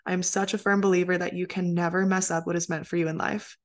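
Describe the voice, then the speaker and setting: A woman's voice: on the low side, little pitch movement, quick pace. A woman mindset coach talking as a podcast guest in an earnest, motivational way with many "like"s. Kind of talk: casual interview chat.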